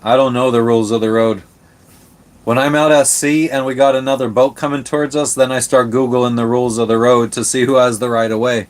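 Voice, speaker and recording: A man livestreams from his sailboat, answering chat and talking casually with viewers in a laid-back, rambling way while swearing freely. His medium-pitched voice is flat in delivery and fairly quick.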